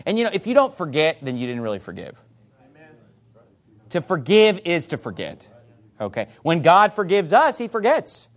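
A pastor preaching a sermon to a congregation, forceful and emphatic, with rhetorical questions. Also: male voice, a little high, huge pitch swings, brisk.

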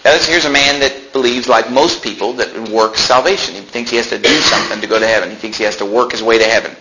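Speaking quickly in a mid-range voice over heavy background noise, this preacher reads scripture in King James language. Between verses he tells lively anecdotes, playing the parts of the people he spoke with.

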